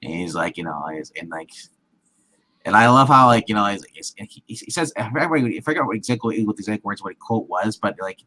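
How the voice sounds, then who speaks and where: A man's voice: fairly low pitch, lively intonation, fast, sharp tone, poor audio. Rambling guy recapping a movie, lots of restarts, swings up and down a lot. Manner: rambling, many restarts, acts out quotes. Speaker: movie review co-host. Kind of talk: casual movie recap chat.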